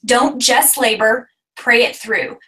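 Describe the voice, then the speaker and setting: A woman's voice: fairly high pitch, takes it slowly, bright, forceful tone. A woman in her thirties giving an earnest, faith-driven testimony as a guest speaker on a team conference call. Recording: distant voice on a call line.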